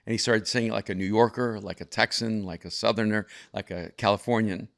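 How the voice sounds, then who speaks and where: Brief: older male guest, low voice, thoughtful storyteller who restarts his sentences. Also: fairly even intonation, brisk, vocal fry, fairly bright tone. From El Salvador. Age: over 50. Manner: reflective, frequent restarts and repeated words. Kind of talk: conversational storytelling.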